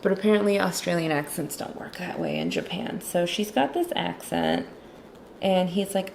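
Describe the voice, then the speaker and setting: A woman's voice: mid-range voice, sing-song, unhurried, creaky, a little mellow, a little hiss or hum. A woman chatting casually and sarcastically about a movie while she draws, with lots of "like". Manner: sarcastic, chatty, heavy use of "like". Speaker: illustrator and movie commentator. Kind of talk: casual chat while drawing.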